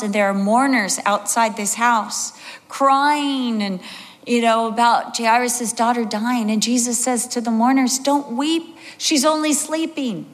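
A woman's voice: on the high side, in a large hall. A woman in her sixties preaching a sermon, telling stories with animation and acting out the voices of the people in them. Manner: animated storytelling, acts out voices.

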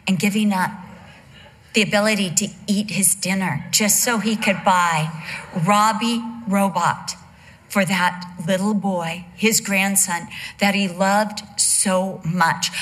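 An older woman preaching a sermon in an animated way, telling family stories and acting out the voices of the people in them. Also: medium pitch. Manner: animated, acts out voices, dramatic pauses. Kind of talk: sermon with storytelling.

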